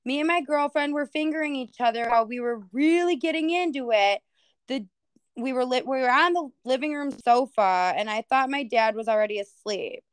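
Woman co-host, high, smooth voice; laughs a lot, cusses, disbelieving. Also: normal speed, dry recording. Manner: incredulous, laughing, swears freely. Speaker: podcast co-host. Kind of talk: casual chat.

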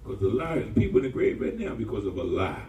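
A male pastor preaching a sermon, telling stories in a colloquial, animated way and calling out to the congregation. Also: sits low, fast, dull audio, a little hiss or hum. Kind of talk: sermon storytelling. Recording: echoey room from far off.

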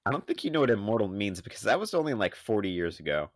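A young man co-hosting a podcast, teasing his partner with sarcastic deadpan jokes. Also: on the low side, fast, dry recording. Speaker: podcast co-host. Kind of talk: casual chat.

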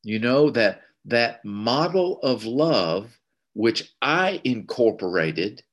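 A man's voice: medium pitch, sing-song, slow. A man in his sixties with a Southern US accent, telling his recovery story at an online meeting, candid and emotional with wry humor. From American South. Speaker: speaker sharing a recovery story.

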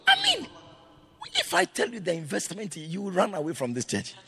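A man preaching a sermon as pastor, swinging between loud shouted lines and quiet, low storytelling. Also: wildly swooping pitch, moderate pace, vocal fry, breathy edge.

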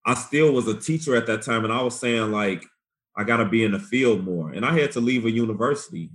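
A man in his forties from Chicago, a guest activist telling his story in an animated, profane, slangy way. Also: medium pitch, fairly quick. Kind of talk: candid storytelling interview.

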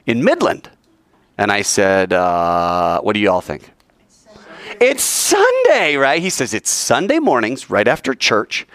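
In a dry recording, a man with a fairly low voice leads a casual Bible class delivered like a sermon. Telling stories with animation, he performs the quoted voices of each character.

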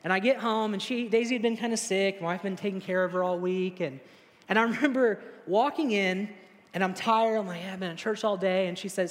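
High-voiced young pastor in a reverberant hall. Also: male voice, a little fast. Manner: casual, storytelling, acts out quotes with rising pitch. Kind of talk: sermon.

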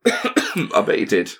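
A man's voice: fairly bright tone, a little hiss or hum. A man co-hosting a podcast, joking, laughing and swearing freely in casual chat. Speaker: podcast co-host, comedian.

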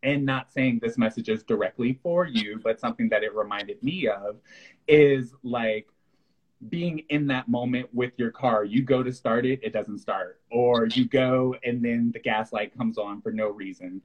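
A husky man chats easily on a spiritual podcast and acts out his own reactions as he tells a story. The recording sounds a little dull and lo-fi, as if from a modest home setup. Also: medium pitch, measured pace. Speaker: podcast co-host. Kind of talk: casual spiritual chat.

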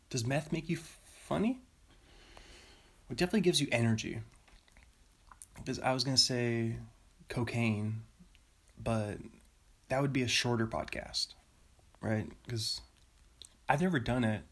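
A man hosting a solo podcast in a rambling, self-amused way, often laughing at his own jokes. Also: mid-range voice. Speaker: podcast host.

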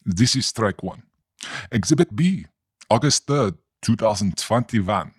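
A man delivers a mock-formal comedic open letter in stiff, careful phrasing. His low voice has a husky edge. The recording is dry and close. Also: expressive, a little slow, dry recording.

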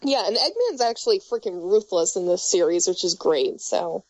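A woman's voice: mid-range voice, expressive, normal speed, darkish tone, no room sound. A woman in her twenties chatting casually, rambling with restarts and swearing. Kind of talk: casual chat. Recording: muffled dry recording.

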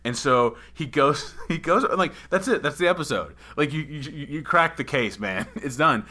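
A man hosting a relaxed interview podcast, his voice bright and forward. He tells stories with animation and breaks into laughter often. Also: fairly high pitch, normal speed. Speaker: podcast host. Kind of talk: casual interview chat.

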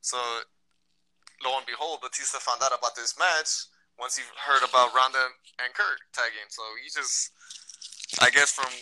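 Laid-back male co-host, casual and profane, very bright tone, dry close sound. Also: mid-range voice, fairly even intonation, normal speed, no echo, low-quality recording. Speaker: podcast co-host. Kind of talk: casual chat.

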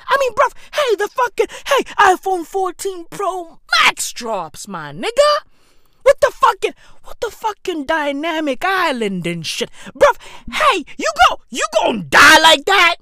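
A woman delivering a profane comedic rant, full of slang, dropping into low mutters and then bursting into shouts. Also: very animated, a little slow, no echo, studio quality. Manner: slangy and repetitive, heavy swearing. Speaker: comic ranter.

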